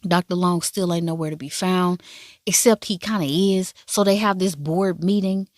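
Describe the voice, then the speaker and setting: A woman giving a casual, profane and animated recap of a drama, with asides in a high voice. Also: moderate pace, no echo, studio quality. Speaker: drama reviewer.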